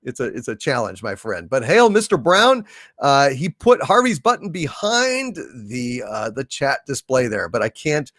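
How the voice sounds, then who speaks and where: A man's voice: medium pitch, huge pitch swings, normal speed, a bit bright, dry recording. A man hosting a livestream, casually reading donations aloud and effusively hailing viewers by name on a close mic. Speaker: livestream host.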